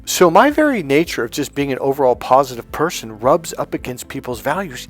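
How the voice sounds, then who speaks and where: A man coaching in a motivational talk, emphatic and animated as he tells personal stories. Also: mid-range voice, normal speed, faint music behind. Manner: emphatic and animated, often acting out other people's lines. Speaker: life and dating coach.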